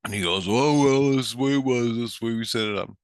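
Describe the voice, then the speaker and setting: Rapid-fire and medium-pitched, this vlogger launches into a ranting, swear-filled monologue, voicing both people in the exchange he's describing. Clean studio sound, no room sound.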